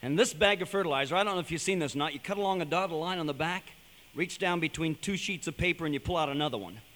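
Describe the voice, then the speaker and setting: A man giving an animated, storytelling sermon-style talk to a young audience, building to emphatic points. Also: fairly high pitch, fast, a little hiss or hum. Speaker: speaker addressing a young audience. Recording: long hall reverb.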